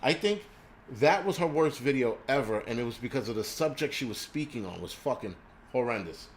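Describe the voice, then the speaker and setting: Man, profane livestream rant, mid-pitched voice, rambling, faint background hiss. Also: animated, a little fast. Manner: crude, rambling, reacts to live chat. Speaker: livestream host. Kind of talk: profane ranting livestream chat.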